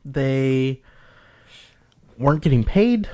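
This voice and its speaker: A man at a middle pitch co-hosting a relaxed podcast, walking his co-host through background details. He talks in long, loose stretches broken up by frequent ums and restarts. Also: very slow. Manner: explains at length with many ums. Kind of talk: casual chat.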